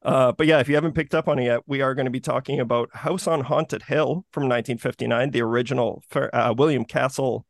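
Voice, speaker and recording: A man's voice: medium pitch, quick pace, creaky, hardly any pauses, dry recording, studio quality. A man co-hosting a horror movie podcast, chatting casually with many fillers and restarts. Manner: relaxed, rambling, many fillers. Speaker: podcast co-host. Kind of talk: casual chat.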